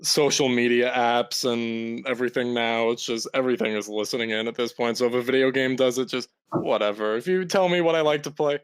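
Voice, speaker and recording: A man chatting casually as a podcast guest, relaxed and a little rambling. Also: mid-range voice, a little fast, few pauses, smooth. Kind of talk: casual chat.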